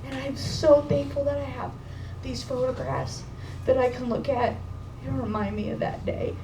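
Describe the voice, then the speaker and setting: A woman with a high voice shares a heartfelt memory with a live audience, emotional yet casual and slangy. Her voice comes from far off in a reverberant room, with steady background noise around it. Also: moderate pace. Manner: emotional, casual, swears and says dude. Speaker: speaker at a memorial gathering. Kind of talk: personal storytelling to an audience. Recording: echoey room, distant mic, background noise.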